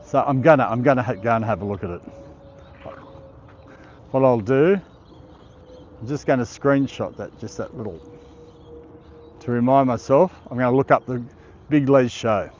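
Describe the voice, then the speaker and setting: A man's voice: mid-range voice, moderate pace, pauses often, a little mellow, lo-fi sound, slight background noise. Chatty Australian man live-streaming at a park. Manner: chatty, reads viewer comments aloud, laughs often. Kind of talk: casual live stream chat. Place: outdoor park.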